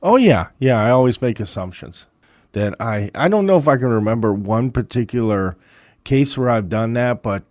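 Low-voiced man, laid-back co-host. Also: a little mellow, no echo, studio quality. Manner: laid-back agreeable replies. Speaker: podcast co-host. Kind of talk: casual chat.

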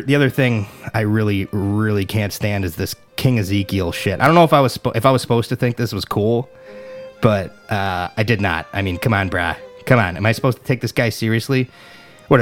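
A young man giving a comedic, sarcastic review full of profanity and exasperation. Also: on the low side. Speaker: vlogger reviewing a TV show.

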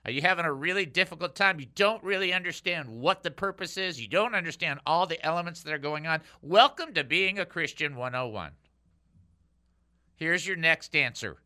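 A man teaching from the Bible in a lively, conversational way, talking straight to his listeners. His voice is very bright and forceful and sits a bit high for a man. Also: moderate pace. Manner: energetic, chatty, speaks straight to listeners. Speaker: radio Bible teacher and host.

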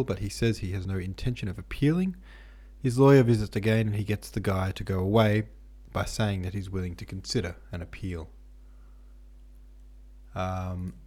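A man hosting a book podcast, chatting casually about a novel and then reading it aloud. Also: lowish voice. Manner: relaxed, chatty. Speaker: podcast host.

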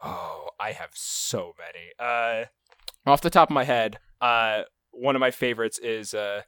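A man's voice: lowish voice, a little slow, bright, forceful tone, clear, resonant tone, no echo, studio quality. A man chatting casually on a podcast, rambling with stumbles and restarts.

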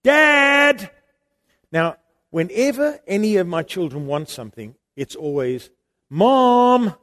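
A middle-aged man preaching, telling a family story in an animated way that swings from loud emphasis to quiet, intimate moments. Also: medium pitch. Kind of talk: sermon storytelling.

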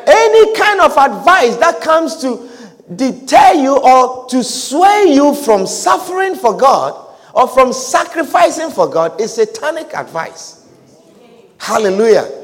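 A man preaching a sermon in church, fervent, repeating phrases for emphasis and at times shouting. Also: very high-pitched. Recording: long reverb of a large hall.

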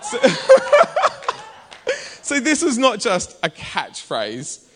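A man's voice: high-pitched, unhurried, heavy background noise. A man, preaching a conversational sermon in a church. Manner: conversational and animated, bursts into shouts. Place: church hall.

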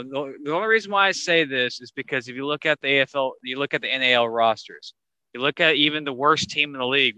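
A man hosting a casual sports podcast, talking in an animated way that gets higher when he drives a point home. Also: clean tone, dry recording, rough recording. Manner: animated, rising pitch when making a point. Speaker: podcast host.

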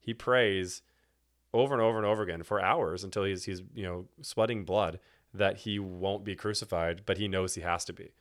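A young man from Texas with a very deep voice talks about prayer in a loose, rambling way. He restarts sentences often and laughs between thoughts. It sounds like an unhurried conversation at a table. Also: steady tone. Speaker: podcast guest, church elder candidate. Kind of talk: casual faith conversation. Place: indoor room with host.

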